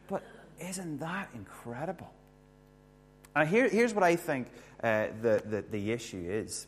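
A slightly high, sing-song voice at a moderate pace belongs to a man preaching in a church hall with a screen. He keeps the sermon conversational and poses questions to the audience.

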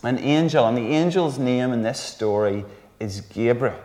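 A man preaching a sermon in a lively, chatty way, with joking asides. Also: mid-range voice, normal speed. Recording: roomy hall reverb.

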